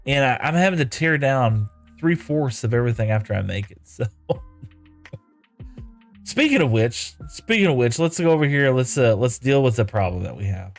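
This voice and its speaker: A man's voice: medium pitch, lively intonation, normal speed, soft background music. A man chatting casually while streaming a building game, reading viewer comments aloud and thanking viewers. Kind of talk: casual live-stream chat while playing.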